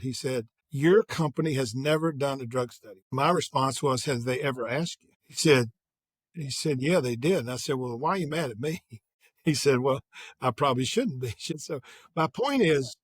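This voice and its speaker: An older man in an interview, telling energetic anecdotes and acting out quoted dialogue. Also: fairly high pitch, no echo. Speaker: guest, sales executive. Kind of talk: conversational interview storytelling.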